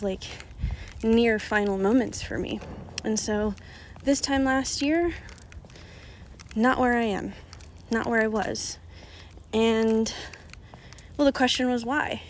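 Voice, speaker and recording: A woman frankly telling a personal story to her viewers, swearing freely and moving between hushed near-whispers and emphatic bursts. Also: mid-range voice, slight background noise. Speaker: oracle card reader and vlogger.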